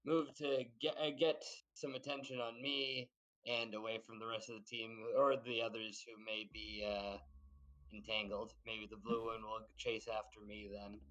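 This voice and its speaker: A man's voice: lowish voice, level tone, moderate pace, fairly bright tone, lo-fi sound. A man playing a tabletop game, talking casually and hesitantly with many uhs. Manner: hesitant, joking, with laughs between words. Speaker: player. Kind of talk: casual tabletop gaming chat.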